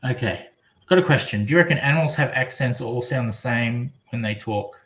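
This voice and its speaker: An Australian man drifts casually between topics on a live stream, chatting and reading out comments from viewers as he responds. He talks fairly quickly in a middle-pitched, slightly bright voice, with an echoey room behind him.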